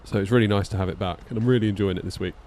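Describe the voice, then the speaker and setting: A man's voice: on the low side, steady tone, racing, darkish tone. A man, streaming a flight simulator and chatting casually with his viewers while he flies. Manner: chatty, thinks aloud and answers his chat. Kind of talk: casual live-stream chat while flying.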